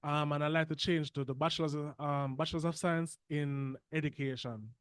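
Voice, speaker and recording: A man's voice: on the high side, steady tone, normal speed, clear, resonant tone, no room sound. A man calling in to a show, asking questions politely and with some hesitation. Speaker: caller. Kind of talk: phone-in questions.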